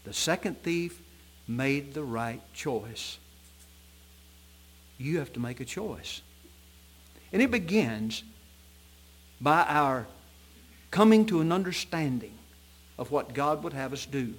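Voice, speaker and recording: Slow, emphatic preacher man. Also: lively intonation, husky. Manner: emphatic, swelling to loud peaks then dropping low and soft; reads scripture in old-fashioned wording. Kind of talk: sermon. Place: church sanctuary at an evening service.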